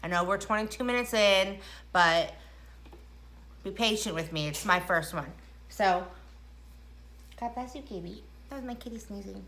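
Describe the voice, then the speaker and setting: A woman's voice: mid-range voice, moderate pace, long pauses, a bit bright. A middle-aged woman chatting casually through a makeup tutorial at home, rambling and self-deprecating. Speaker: makeup vlogger. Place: indoors at home.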